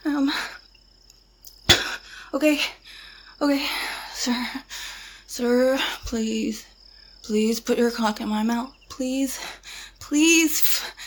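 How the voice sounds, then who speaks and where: Woman doing a scared young woman begging at gunpoint, high voice, stammery, whispery then teary.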